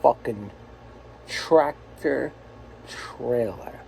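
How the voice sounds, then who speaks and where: Slow, profane, ranting trucker man. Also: mid-range voice, vocal fry, darkish tone, slight background noise, rough recording. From United States. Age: 40s. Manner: profane, angry, rambling. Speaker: truck driver. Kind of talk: ranting self-filmed vlog.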